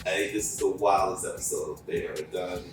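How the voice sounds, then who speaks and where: Animated male podcaster in an echoey room. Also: fairly quick. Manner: animated retelling, jumps up in pitch and volume to act out characters' lines. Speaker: podcast co-host reviewing a cartoon series. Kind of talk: casual review chat. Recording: echoey room, distant mic, faint music.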